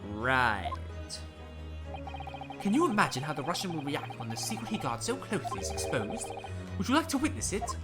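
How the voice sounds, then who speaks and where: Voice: medium pitch, very animated, moderate pace, natural voice. A streamer voicing a pompous, boastful male detective in a game, reading with theatrical flair over game music. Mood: grandiose.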